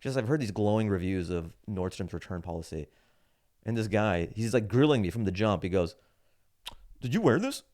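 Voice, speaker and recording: A man in his thirties, a comedian hosting his podcast, telling a rant-like story in a casual, animated way and acting out other people's lines. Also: low voice, brisk. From United States. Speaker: podcast host, standup comedian.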